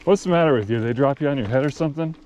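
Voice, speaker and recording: Exasperated, profane grump yelling in disbelief, done by a man in a raised voice. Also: mid-range voice, very fast, slight background noise, pitched above the performer's own voice, close to an everyday voice. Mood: incredulous, exasperated. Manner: shouting, incredulous. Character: exasperated foul-mouthed grumpy man in a car.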